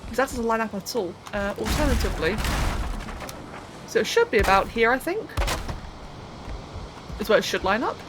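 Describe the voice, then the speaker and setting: A woman's voice: a little high, expressive, normal speed, pauses often, noisy background. A young woman live-streaming a game, thinking aloud as she builds, counting under her breath and chatting to viewers with casual swearing. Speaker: livestreamer.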